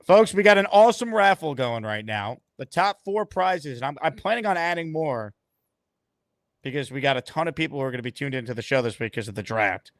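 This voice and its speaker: A man's voice: mid-range voice, lively intonation, fairly quick, no echo, clean studio sound. A man hosting a sports call-in show, taking calls with upbeat, dryly joking patter. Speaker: host.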